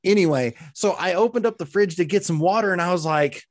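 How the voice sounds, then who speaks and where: A man co-hosting a podcast, rambling in a relaxed, profane way with lots of fillers. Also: high voice, a little fast, dry recording. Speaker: podcast co-host. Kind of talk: casual chat.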